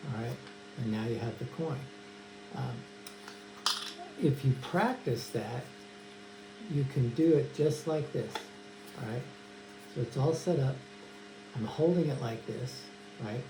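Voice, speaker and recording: A man's voice: medium pitch, normal speed. A man casually teaching a magic trick, chatting and addressing an imagined audience of kids. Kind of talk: casual tutorial demonstration. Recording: echoey room with mains hum.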